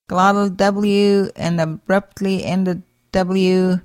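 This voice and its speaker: A woman teaching a language's sounds, slowly saying each letter, its sound and an example word. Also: medium pitch, steady tone, clear, resonant tone, no room sound. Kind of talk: slow pronunciation lesson.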